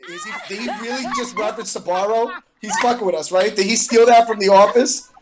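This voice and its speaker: A man's voice: high voice, fast, background noise. A man from New York on a podcast over a Discord call, swearing and playing up his indignation. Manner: animated, swearing, playfully indignant. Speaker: podcast co-host. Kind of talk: casual chat.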